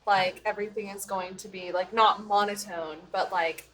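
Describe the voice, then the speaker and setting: A woman's voice: mid-range voice, steady tone, normal speed, a bit bright, a little hiss or hum, poor audio. A woman who plays tabletop games, chatting casually and filling her talk with "like". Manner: chatty, lots of "like" fillers. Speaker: tabletop game player. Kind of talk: casual chat.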